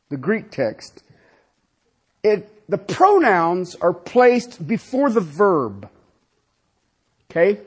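A male pastor preaching with a high, husky voice that swings widely in pitch. He talks slowly and emphatically, firing off rhetorical questions and checking in with "Okay?" as he teaches. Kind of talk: sermon.

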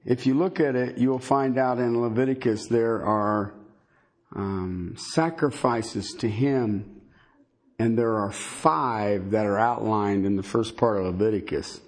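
Slow, halting man preaching. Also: mid-range voice. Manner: slow, halting delivery with many fillers; conversational, folksy asides. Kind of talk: bible teaching sermon.

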